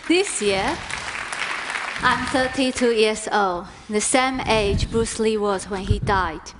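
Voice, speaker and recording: A woman from China whose first language is Chinese, speaking English on a lecture stage as a first-person interpreter, with slow, deliberate phrasing. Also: mid-range voice, a crowd in the background, noisy background. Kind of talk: stage talk.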